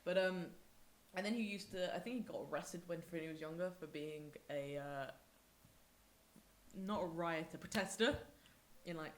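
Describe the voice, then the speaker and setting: A young woman from England co-hosting a podcast, telling stories in a casual, animated way. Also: moderate pace, long pauses, slight background noise. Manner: animated storytelling, acts out quoted people with big pitch jumps. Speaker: podcast co-host. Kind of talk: casual chat.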